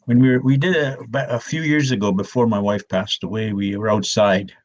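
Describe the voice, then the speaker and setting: An older man, an elder telling stories in a gentle, slow way, often restarting his words, with a husky voice. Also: on the low side, fairly even intonation. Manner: soft, slow and repetitive, with many restarts. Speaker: elder storyteller. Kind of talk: gentle storytelling talk.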